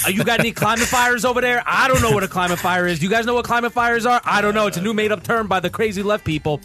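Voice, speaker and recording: A man's voice: high voice, rapid-fire, music in the background. A man co-hosting a casual podcast, teasing and sarcastic. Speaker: podcast co-host.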